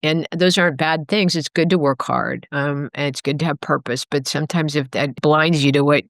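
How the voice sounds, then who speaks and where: A deep, steady-toned voice belongs to a middle-aged woman interviewed as a guest author, speaking at a moderate pace. Earnest and reflective, she rambles slightly and corrects herself as she goes. The audio from her remote call microphone is studio quality, without echo.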